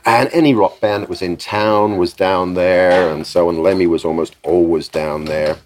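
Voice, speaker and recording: Deep-voiced older storyteller. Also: male voice, normal speed. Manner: lively raconteur who acts out quoted voices. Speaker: guest, sound engineer. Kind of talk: anecdotal interview storytelling. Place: podcast interview.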